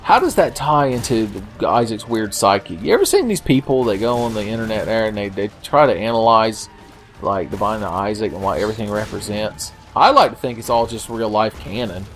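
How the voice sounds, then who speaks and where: A man's voice: lowish voice, animated, brisk, soft background music. Rambling, joking male gamer. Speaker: let's play host. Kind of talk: gameplay commentary.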